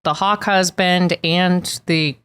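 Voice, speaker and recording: Woman cohost on a recap podcast, kinda low voice, playful, laughs a lot. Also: fairly even intonation, a bit bright, smooth. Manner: playful, laughs often, quick asides. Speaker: podcast co-host. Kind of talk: casual recap chat.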